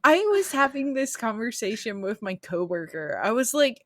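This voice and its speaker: A woman's voice: fairly high pitch, animated, moderate pace, no room sound, studio quality. A woman co-hosting a podcast in casual chat, wry and laughing about work. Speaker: podcast co-host.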